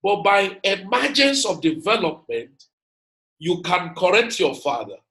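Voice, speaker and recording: A man's voice: high-pitched, big pitch swings, unhurried, bright, forceful tone, poor audio. A man giving an emphatic motivational lecture, repeating his points and calling out to his audience. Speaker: speaker.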